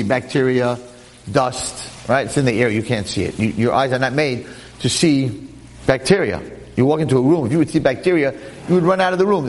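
Animated man telling a story in a hall. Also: mid-range voice, a little hiss or hum. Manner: animated, repetitive restarts, joking. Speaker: Jewish lecturer. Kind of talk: storytelling lecture. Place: room with listeners.

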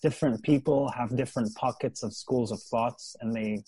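A man who is a guest on a podcast, calmly explaining a point in casual talk. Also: medium pitch, moderate pace, husky, no room sound, rough recording. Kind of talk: casual chat.

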